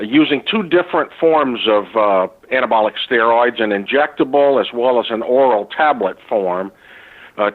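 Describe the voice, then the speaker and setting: An older man, a foundation founder, answering interview questions in an earnest, halting way with many fillers and restarts. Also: mid-range voice. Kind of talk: recorded interview, earnest testimony. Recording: tinny phone-like line.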